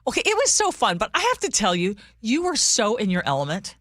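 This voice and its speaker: A woman's voice: on the high side, wildly swooping pitch, a little fast, fairly bright tone, dry recording. A woman hosting a radio talk show, upbeat and enthusiastic, on a studio mic. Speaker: radio host.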